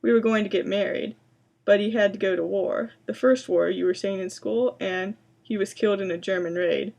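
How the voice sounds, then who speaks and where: A woman reading a gentle, polite girl ghost. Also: mid-range voice, steady tone, normal speed, gravelly. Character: gentle old-fashioned young female ghost.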